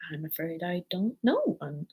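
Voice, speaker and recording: A woman's voice: on the low side, huge pitch swings, measured pace, mellow, husky, exaggerated voice. A woman voicing a curious, polite young girl in a storybook, speaking earnestly and asking questions.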